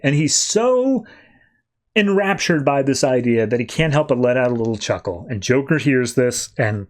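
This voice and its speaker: A man hosting a podcast, casually recapping a comic book story with animated storytelling and quoted lines. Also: medium pitch, a little slow. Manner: animated storytelling, quoting characters. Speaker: podcast host.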